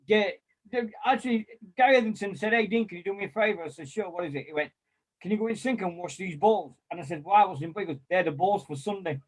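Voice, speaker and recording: A man, chatting casually and telling lively anecdotes with mild swearing and quoted voices. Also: sits high, quick pace. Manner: animated storyteller, mild swearing, acts out quotes. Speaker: former club volunteer and kit man.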